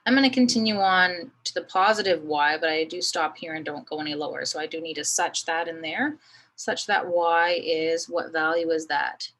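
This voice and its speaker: Low-voiced woman teaching math. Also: normal speed, fairly bright tone, poor audio. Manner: thinks aloud while drawing, many fillers. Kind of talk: recorded screen lesson.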